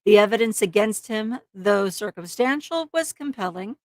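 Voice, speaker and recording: A woman co-hosting a livestream reads a true crime case script aloud, tripping over words and breaking into laughter. Her voice is mid-range, expressive and darkish, at normal speed, with no room sound.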